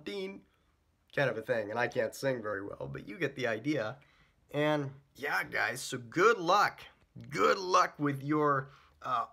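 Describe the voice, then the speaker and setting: Young guy explaining trumpet etudes, laid-back chat, bright kinda husky voice. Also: mid-range voice. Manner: chatty, relaxed, scats and sings phrases. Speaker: trumpet teacher. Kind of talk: casual music lesson.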